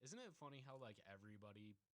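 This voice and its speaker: A man co-hosting a podcast, making dry wisecracks and pausing to search for words. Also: lowish voice, big pitch swings, a bit bright. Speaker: podcast co-host. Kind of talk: casual chat.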